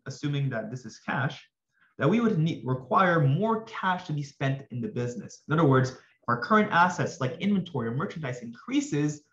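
A man tutoring finance for an exam, talking casually and energetically to viewers with slangy asides, his voice slightly hoarse. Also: a little high, echoey room, dull audio. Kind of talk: casual exam-prep lesson.

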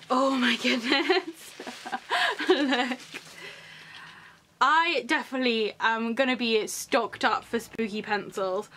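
A woman's voice: a little high, a bit bright, slight background noise. A young woman chatting through an unboxing video, gushing and gasping often, her talk full of "like" fillers. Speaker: vlogger.

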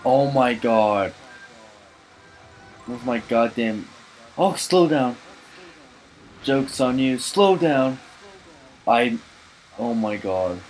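A drunk man doing gaming commentary, cursing, shouting and laughing as he plays. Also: mid-range voice, expressive, drawn-out words, long pauses, soft background music, rough recording. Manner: profane, loud outbursts and laughing. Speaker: let's player.

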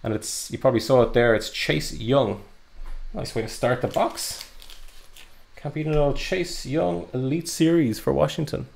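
A man's voice: mid-range voice, moderate pace, gravelly, darkish tone. A young man giving chatty, upbeat live commentary while opening trading card packs, with frequent ums and uhs. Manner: chatty, upbeat, lots of fillers. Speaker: card breaker.

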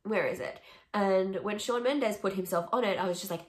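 Young woman vlogger, chatty and opinionated, sarcastic asides, mid-pitched voice in an echoey room. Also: moderate pace. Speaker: music vlogger. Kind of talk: casual ranking chat to camera.

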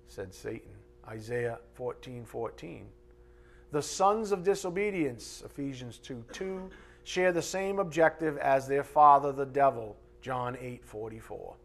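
A pastor delivering a live sermon from the pulpit in a church sanctuary. His voice sits somewhat higher than most men's. He speaks emphatically and conversationally, with mocking asides. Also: animated, normal speed, a bit bright.

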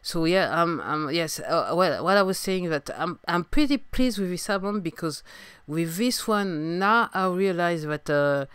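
A woman's voice: lowish voice, expressive, unhurried, few pauses, fairly bright tone, a little hiss or hum. A woman from France with a French accent, hosting a casual solo podcast, talking hesitantly with many fillers and restarts while getting over a sore throat. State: recovering from a sore throat, coughing. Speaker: podcast host and singer-songwriter.

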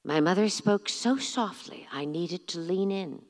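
A middle-aged woman reads from her own memoir with measured, theatrical care. Her voice sits on the low side for a woman. The bookstore event room adds a long reverb that rings behind every phrase. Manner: measured, expressive, theatrical reading. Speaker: author. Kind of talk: reading aloud from her memoir.

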